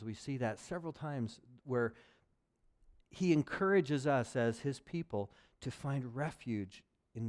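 A man preaching a sermon as a pastor, passionate and swinging between loud urgency and quiet intimacy. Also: medium pitch.

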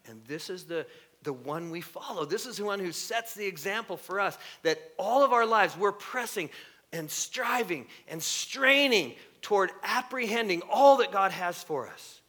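A middle-aged man preaching a sermon, animated and shifting into mocking voices with sudden loud bursts. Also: high voice, normal speed. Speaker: pastor.

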